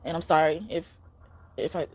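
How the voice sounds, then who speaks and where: A woman's voice: low voice, little pitch movement, normal speed, husky. A young woman giving a casual spiritual card reading, talking in an earnest, emotional, pleading way.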